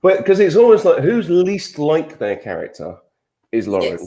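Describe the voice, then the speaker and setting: A man's voice: a little high, huge pitch swings, normal speed, mellow. A man answering fan questions as an actor guest on a panel, laid-back and joking, with frequent stammered restarts. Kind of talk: casual panel chat. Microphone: video call.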